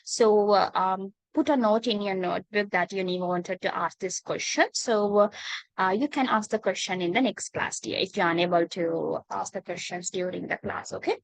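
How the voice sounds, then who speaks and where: A woman with a Sri Lankan accent teaching English in an online class. She is patient, calls students darling and dear, and pauses often with "uh". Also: medium pitch, creaky, no echo, low-quality recording. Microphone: video call.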